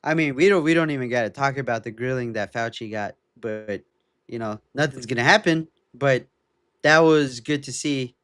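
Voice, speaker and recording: A man's voice: mid-range voice, normal speed, a bit bright, clean tone, dry recording, clean studio sound. A man co-hosting a podcast, joking around with goofy interjections and laughing often. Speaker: podcast co-host. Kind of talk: casual political chat.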